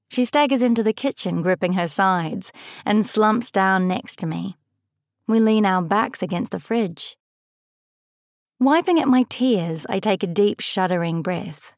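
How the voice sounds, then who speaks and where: A young adult woman reading a first-person audiobook in a measured, lightly expressive way. Her voice sits mid-range. The recording is dry and close to the mic. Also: mid-range voice, no echo. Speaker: audiobook narrator.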